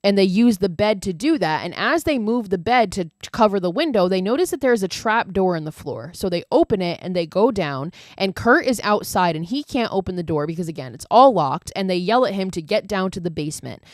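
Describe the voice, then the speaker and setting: Woman podcaster, mid-pitch, chatty plot recap with casual swearing, dry booth sound. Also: expressive, a little fast, hardly any pauses, no room sound. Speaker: podcast host.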